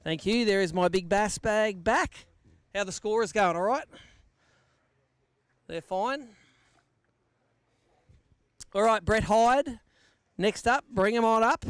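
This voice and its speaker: A man's voice: high voice, slow pace, long pauses, clean tone, no echo, clean studio sound. An Australian man acting as MC at an outdoor fishing weigh-in, giving live commentary and bantering with the anglers.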